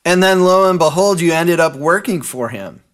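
Man interviewer asking calm questions. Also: on the high side, normal speed.

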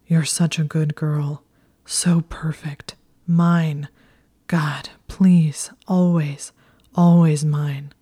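A woman's voice: low voice, level tone, drawn-out words, dark tone, slightly rough, full character voice. Woman whispering as a possessive young wizard lover.

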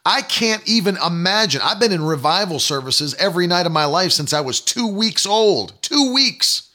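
Bright-voiced preaching man in his thirties. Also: high voice, lively intonation, normal speed. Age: 30s. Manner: emphatic preaching, mocking quoted doubters. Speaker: pastor. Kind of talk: sermon.

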